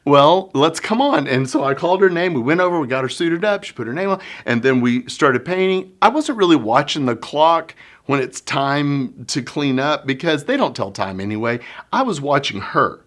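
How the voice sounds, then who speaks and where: A middle-aged man, a children's minister giving a conference workshop talk, folksy and animated as he acts out scenes. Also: on the high side, moderate pace, hardly any pauses. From Oklahoma, US. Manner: folksy sayings.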